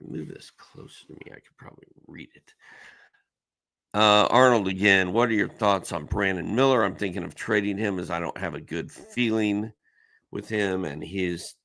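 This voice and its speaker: A man's voice: deep voice, moderate pace, creaky, a bit bright. A middle-aged man hosting a casual live-stream Q&A. He reads viewers' questions aloud, then gives blunt, emphatic advice. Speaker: fantasy basketball analyst hosting a live Q&A.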